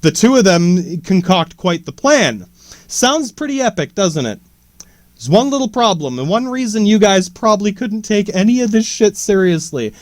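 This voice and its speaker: A man's voice: high-pitched, animated, normal speed, dry recording. A man hosting a podcast, ranting sarcastically and rambling with heavy swearing. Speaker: podcast host. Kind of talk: casual profane rant.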